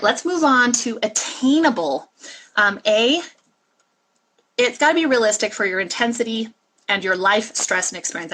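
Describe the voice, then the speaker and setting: A woman's voice: fairly high pitch, sharp tone, slight background noise, low-quality recording. A woman coach talking earnestly and emphatically to her listeners in a solo podcast monologue. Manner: earnest, emphatic coaching talk with pep-talk asides. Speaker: fat-loss and mindset coach.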